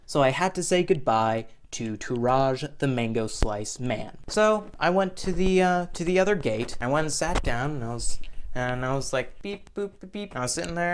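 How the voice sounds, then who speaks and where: Young man, comedic storytime, rambling, cursing, mid-pitched voice. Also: slight background noise. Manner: rambling, profane, jumps into loud exaggerated voices. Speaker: vlogger.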